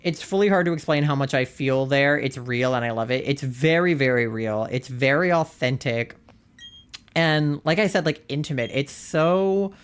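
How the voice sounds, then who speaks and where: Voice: mid-range voice, moderate pace, clean tone. A streamer chatting casually and earnestly, rambling and saying "like" constantly. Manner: earnest and gushing. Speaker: livestreamer. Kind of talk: casual chat.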